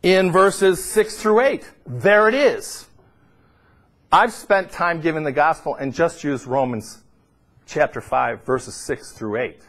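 A middle-aged man preaching a sermon, swinging between loud, high emphatic peaks and low, quiet asides. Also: takes it slowly.

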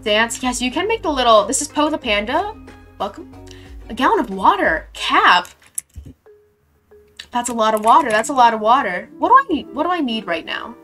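A young woman streaming a game, chatting casually and reading her chat aloud with sudden excited squeals. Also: on the high side, normal speed, long pauses, faint music behind.

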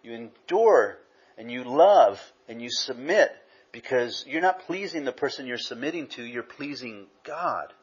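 Husky guy from socal preaching, chatty sermon, kinda dull lo-fi sound. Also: mid-range voice. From Southern California. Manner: conversational, frequent "you know" asides. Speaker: pastor. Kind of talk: sermon with personal storytelling. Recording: dull lo-fi recording.

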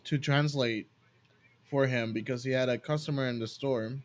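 Man, streamer, casual storytelling, rambling, self-correcting, filler words, mid pitch. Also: steady tone, moderate pace, slight background noise. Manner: rambling, self-correcting with many "you know" and "like". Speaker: streamer hosting a live game stream.

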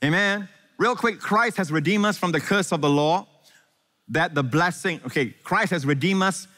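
A man preaching a sermon as pastor, animated, often asking the congregation questions and calling for amens. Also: high-pitched, moderate pace, big-room sound.

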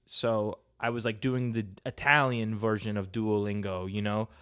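A man hosting a casual solo podcast, rambling, swearing a lot and breaking into sudden loud outbursts. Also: lowish voice, little pitch movement, normal speed, clean tone. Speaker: podcast host.

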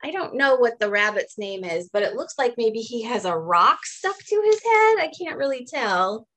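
A woman museum educator, reading a picture book aloud to children in a playful, gentle way. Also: on the high side, sing-song, normal speed. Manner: playful, gentle, talks to kids.

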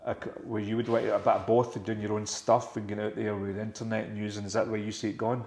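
A man's voice: lowish voice, little pitch movement, fast talker, vocal fry, darkish tone. A man hosting a casual interview, laid-back, swearing offhandedly and dotting his talk with "aye" and "you know". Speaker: host. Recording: echoey room.

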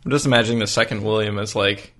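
A man co-hosting a podcast in casual chat, tossing in quick, playful quips. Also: on the low side, fairly even intonation, fairly bright tone. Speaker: podcast co-host.

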